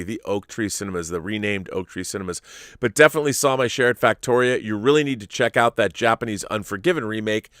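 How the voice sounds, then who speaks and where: A middle-aged man hosting a live stream, reading viewer messages and answering them in a halting, rambling way. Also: medium pitch, fairly bright tone, no room sound, studio quality. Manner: rambling, halting, restarts often. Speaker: host.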